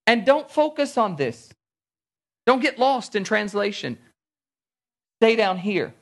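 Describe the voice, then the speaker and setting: A man preaching a sermon, animated, acting out little everyday scenes in different voices. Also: sits high, slow pace, long pauses. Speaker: pastor.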